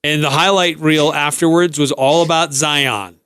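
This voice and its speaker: Measured male sports radio co-host. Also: fairly high pitch, steady tone, a bit bright, clear, resonant tone, no room sound. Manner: measured, plugs the station's schedule. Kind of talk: casual sports talk.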